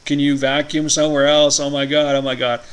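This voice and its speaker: A man's voice: fairly high pitch, little pitch movement, brisk, background noise, pitched above the performer's own voice, natural voice. A man imitating his hungover friend groaning and complaining. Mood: exasperated. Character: groggy hungover male friend, exasperated.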